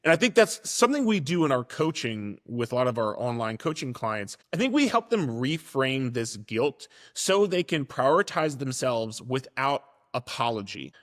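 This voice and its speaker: A man with a mid-range voice talks casually and directly as a fitness coach in a motivational monologue. He swears now and then for emphasis. His voice rings with long reverb, as in a hall. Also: medium pitch.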